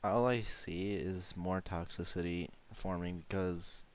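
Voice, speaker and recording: A man's voice: low-pitched, steady tone, measured pace. A man in a casual online chat, talking mildly and agreeably. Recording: faint hiss.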